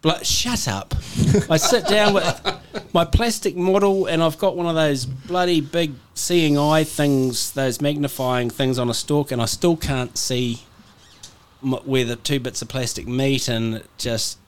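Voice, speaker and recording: A man with a New Zealand accent co-hosting a casual podcast chat, an animated storyteller who laughs often. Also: on the high side, measured pace, smooth. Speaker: podcast co-host.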